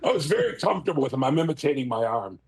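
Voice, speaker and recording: Middle-aged man, animated emotional guest, pitch swings high and low. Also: racing, a loud crowd. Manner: emotional, expressive, tearful at times. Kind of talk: casual chat.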